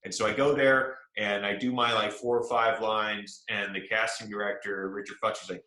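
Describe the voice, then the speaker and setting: In an echoey room, this young South Carolina actor, appearing as a guest, speaks fairly quickly with few pauses in a fairly low voice. He tells stories casually and animatedly, performing each quote.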